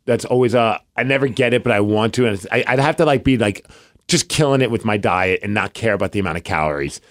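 A man's voice: lowish voice, fast talker. A man co-hosting a podcast in casual chat, rambling through ideas and poking fun at himself. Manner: rambling, self-deprecating. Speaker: podcast co-host.

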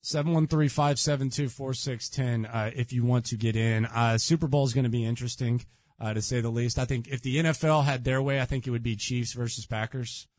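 A man's voice: medium pitch, steady tone, a little fast, no room sound, studio quality. A man hosting a sports radio show, chatting casually and repeating himself as he jokes with his co-host. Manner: laid-back, joking, repeats himself.

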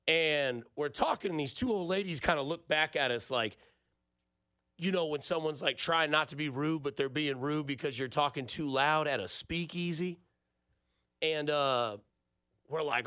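A man's voice: medium pitch, moderate pace, bright, forceful tone, dry recording, studio quality. A man, hosting a sports radio show in a rambling, jokey storytelling way. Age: 30s. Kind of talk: casual radio talk.

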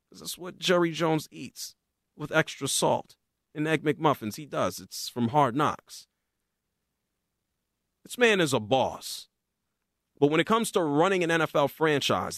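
High-voiced man ranting about sports. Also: no room sound, clean studio sound. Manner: animated, sarcastic ranting. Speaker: sports show host. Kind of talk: opinionated sports commentary.

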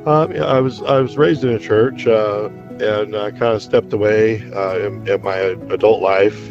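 A man guest on a radio show, giving a halting personal testimony full of restarts. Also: lowish voice, steady tone. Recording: dull audio with music behind.

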